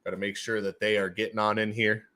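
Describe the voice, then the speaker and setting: A man's voice: on the low side, level tone, fast, pushed and bright. A man hosting a casual livestream giveaway, who talks animatedly, repeats his own phrases and throws in playful sound effects. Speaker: livestream host running NFT giveaways.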